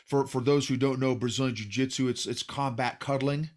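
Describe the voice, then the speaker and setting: A man hosting a podcast, chatting casually, with many halting restarts and words like "bro" and "dude". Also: medium pitch, steady tone. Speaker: podcast host. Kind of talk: casual conversation.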